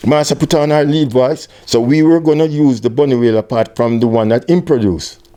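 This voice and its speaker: An older Jamaican man telling an animated story in an interview, with patois phrasing, acting out other people's voices. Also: moderate pace, smooth. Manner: animated storyteller, acts out quoted voices at high pitch. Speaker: interviewee, music tour manager.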